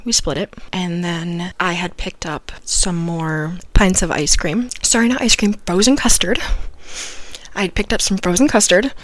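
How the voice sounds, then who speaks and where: A woman hosting a solo advice podcast, telling a story earnestly with sudden loud emphatic bursts. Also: on the low side, no room sound. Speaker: podcast host.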